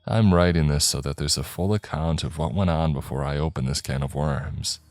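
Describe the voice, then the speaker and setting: A man narrating a horror story in a slow, measured storytelling voice. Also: very deep voice, darkish tone, no room sound. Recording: dry close mic, faint background music.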